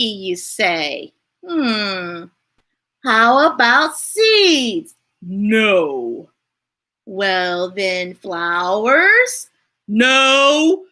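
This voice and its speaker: Slow, bright-voiced woman reading picture books. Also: a little high. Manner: playful and expressive, asks listeners questions. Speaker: storytime reader.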